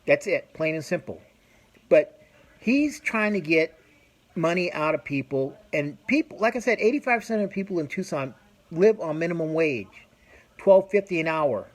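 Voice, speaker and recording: The speaker is a middle-aged podcast host whose high, animated voice moves at normal speed. He rants casually with his opinions, bluntly and profanely, rambling and frequently starting sentences over.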